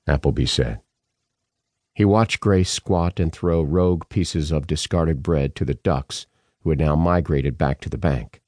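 A man narrating an unabridged horror audiobook in a measured way, raising his voice for the characters' lines. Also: a little mellow, no echo, studio quality. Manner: measured, lifts pitch for character dialogue.

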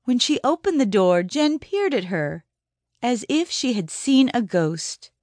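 A woman reads an audiobook in a measured, even manner. Her voice is somewhat high and unhurried, recorded dry and close with no room sound. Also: dry recording. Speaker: audiobook narrator. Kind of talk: scripted narration.

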